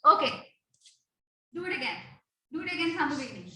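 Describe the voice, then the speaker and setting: A woman's voice: sits high, sing-song, fast, sharp tone. A woman teaching an online dance class to children over a video call, chanting sung syllables to set the beat and calling on students by name with short instructions. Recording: very echoey room, voice from a distance.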